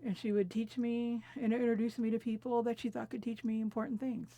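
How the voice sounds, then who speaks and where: A woman in her fifties from California telling family memories in a reflective, unhurried way, laughing softly at times. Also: a little high, little pitch movement, no echo. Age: 50s. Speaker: interviewee. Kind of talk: personal storytelling conversation. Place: quiet recording booth.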